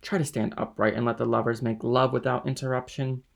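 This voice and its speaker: A man's voice: medium pitch, little pitch movement, brisk, creaky, lightly acted. A man reading a sly scheming ship's officer.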